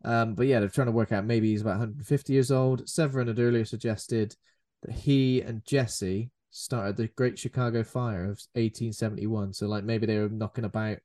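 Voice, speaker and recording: A man's voice: lowish voice, steady tone, normal speed, dark tone. Man joking about a film. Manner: laughs often, voices comic quotes. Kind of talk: casual film chat.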